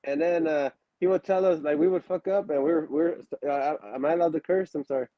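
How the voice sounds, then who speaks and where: A man's voice: fairly high pitch, fairly even intonation, fairly quick, dry recording, lo-fi sound. Rambling man telling wrestling stories. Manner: rambling with many restarts and fillers, acts out quotes. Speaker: wrestler guest. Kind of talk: casual interview storytelling.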